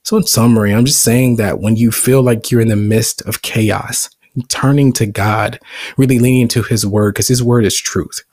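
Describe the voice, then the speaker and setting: A man's voice: medium pitch, steady tone, moderate pace, darkish tone, no echo. A man hosting a devotional podcast, teaching on scripture in an earnest, reflective way and chuckling now and then. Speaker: podcast host.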